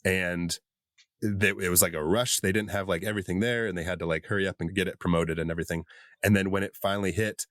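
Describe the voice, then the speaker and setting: A man co-hosting a podcast, chatting casually about a horror movie, relaxed and rambling. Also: low voice, fast talker, no room sound, clean studio sound. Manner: relaxed, rambling, with fillers and laughs. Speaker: podcast co-host.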